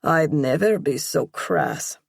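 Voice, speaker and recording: A calm, commanding young crime lord, voiced by a woman who keeps his words low and dry. His tone is mocking and unhurried, with a gravelly, husky edge. The recording is close and dry. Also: no echo, exaggerated voice.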